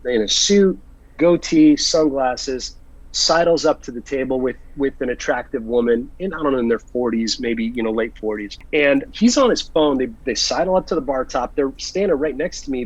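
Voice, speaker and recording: A man tells an animated anecdote in a casual interview, restarting his sentences and acting out what people said. His voice is a bit husky, and the recording sounds dull and lo-fi. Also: medium pitch. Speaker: actor and interview guest.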